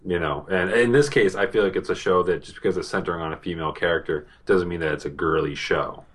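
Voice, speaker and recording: Low-pitched male co-host with a Boston accent, halting and casual, heavy on fillers. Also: slightly rough. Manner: halting, many fillers and restarts. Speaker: podcast co-host. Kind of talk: casual TV review chat.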